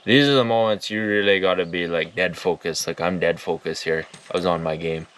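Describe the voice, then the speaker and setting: A man's voice: sits low, steady tone, brisk, fairly bright tone, slight background noise. A man giving casual, rambling commentary as he reacts to his old videos, laid-back and swearing often. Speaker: outdoors YouTuber.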